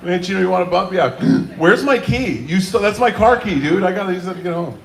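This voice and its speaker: A man's voice: high voice, fast, gravelly. A man hosting an open mic in a small bar, joking with the crowd between comedy sets. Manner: joking banter, playful crowd work. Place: small bar and coffee venue. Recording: echoey live room.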